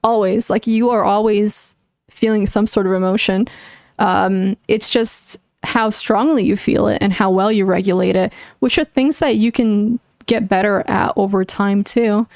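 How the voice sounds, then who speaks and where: A woman's voice: medium pitch, steady tone, measured pace, darkish tone, dry recording, studio quality. Young woman streamer musing aloud. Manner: earnest, opinionated, thinks aloud with many likes and restarts. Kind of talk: casual livestream chat answering viewers.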